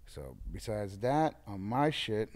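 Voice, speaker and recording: Animated New DJ telling stories. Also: male voice, fairly low pitch, slow pace. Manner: animated storyteller, acts out quoted voices. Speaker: guest DJ. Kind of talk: casual storytelling interview.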